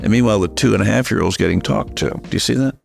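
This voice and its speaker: A man's voice: fairly low pitch, racing, vocal fry, faint music behind. A man hosting a parenting podcast, explaining patiently at a studio microphone and checking that his listeners follow. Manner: patient, asks rhetorical check-in questions. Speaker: parenting author and podcast host. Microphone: studio microphone at a table.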